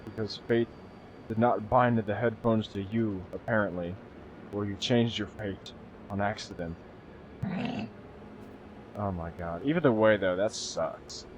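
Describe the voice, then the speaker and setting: A man's voice: on the low side, measured pace, long pauses, a little hiss or hum. A young man streaming a game, rambling casually, swearing freely and chatting with viewers. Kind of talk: casual live-stream chat. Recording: dull lo-fi stream audio with faint music.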